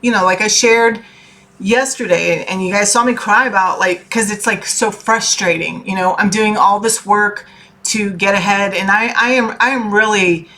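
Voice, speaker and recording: Bright-voiced woman giving casual pep talk. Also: medium pitch, moderate pace. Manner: chatty, keeps checking in with "okay?", swears casually; earnest and heartfelt. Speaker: tarot reader and life coach. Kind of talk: casual motivational talk to viewers.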